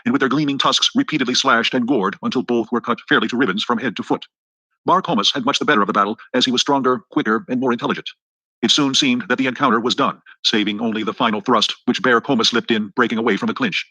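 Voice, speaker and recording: A man reading an adventure novel aloud as an audiobook narrator, with brisk, even storytelling. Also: mid-range voice, breathy edge, no room sound, low-quality recording. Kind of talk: scripted narration.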